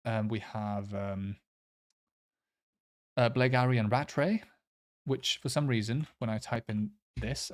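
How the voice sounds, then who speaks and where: Brief: male quiz player, slow and halting delivery, filler-heavy casual commentary. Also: medium pitch. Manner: hesitant, many fillers, unsure pronunciations. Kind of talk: casual commentary while playing a map quiz.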